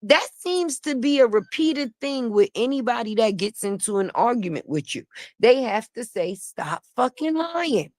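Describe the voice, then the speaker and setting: A woman's voice: fairly high pitch, animated, normal speed, a little mellow, dry recording. Sassy, blunt woman on a livestream. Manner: blunt, sassy and profane, with frequent laughter. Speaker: online commentator. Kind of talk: casual gossip commentary on a livestream.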